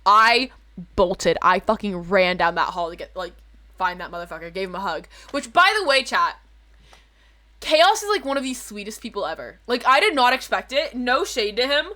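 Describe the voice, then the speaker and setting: Bright, rambling woman streamer. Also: mid-range voice, animated, moderate pace. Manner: rambling storyteller, swears freely, self-corrects. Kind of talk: casual chat to stream viewers.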